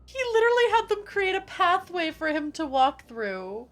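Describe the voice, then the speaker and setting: A woman streamer giving casual, animated gameplay commentary, swearing freely and amused. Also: very high voice, moderate pace, music in the background.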